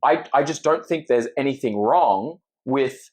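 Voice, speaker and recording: A man's voice: mid-range voice, measured pace. A young man with an Australian accent, a podcast guest talking earnestly and thoughtfully in a casual chat. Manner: earnest, reflective, agreeable.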